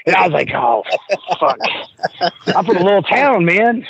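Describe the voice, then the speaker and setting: At a normal speed, with vocal fry in his high voice, a wrestler guest on a podcast rambles through a profane, animated story and acts out the voices of those involved. Slight background noise accompanies the dull lo-fi podcast audio.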